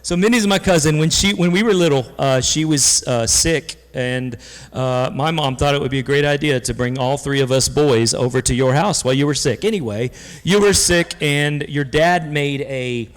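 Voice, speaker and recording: In a church sanctuary with long hall reverb, a man moderates a panel, telling stories casually on stage and joking. His medium-pitched voice moves at normal speed with hardly any pauses, rambling and full of restarts.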